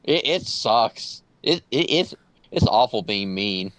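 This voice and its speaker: A man co-hosting a podcast, chatting casually and haltingly, repeating words as he goes. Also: lowish voice, expressive, fairly bright tone, no room sound. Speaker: podcast co-host. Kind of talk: casual chat.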